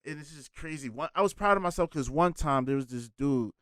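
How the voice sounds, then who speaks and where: A man in a casual podcast chat, telling stories in an animated, profane way. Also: on the high side, a little fast, smooth, no room sound, clean studio sound.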